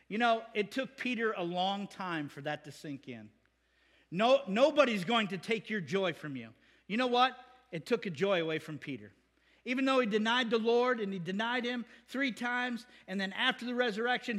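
A man preaching a sermon as pastor, animated and conversational, acting out the people he quotes. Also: sits high, moderate pace. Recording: long hall reverb.

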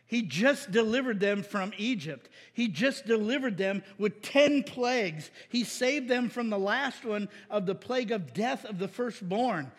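A middle-aged male pastor preaching a sermon, energetic and playful, acting out voices and asking for amens. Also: very high-pitched, husky, big-room sound. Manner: energetic and playful, acts out voices, asks the crowd "Amen?".

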